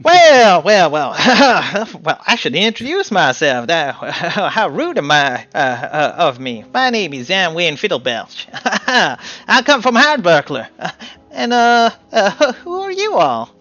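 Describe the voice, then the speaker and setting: A man's voice: sits high, very animated, slow, a bit bright, dull audio, voice pushed up, heavily acted. A man voicing a small, flustered male gnome farmer who stammers and chuckles nervously. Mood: chuckling.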